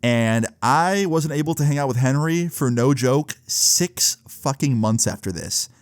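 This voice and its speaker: A man's voice: medium pitch, expressive, a little slow, smooth, no echo. A young man in the middle of his voice, spinning a casual storytime with an easy, slangy, swear-laced delivery. He talks loosely with lots of filler, and the sound is close and dry with no room around it. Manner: laid-back, filler-heavy with frequent "like" and swearing. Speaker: vlogger.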